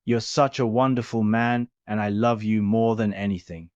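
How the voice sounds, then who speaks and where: A man voicing a tender, affectionate young man in love, speaking softly and sentimentally. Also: lowish voice, steady tone, moderate pace, smooth, no room sound, natural voice. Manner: soft, gushing and sentimental. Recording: dull lo-fi recording.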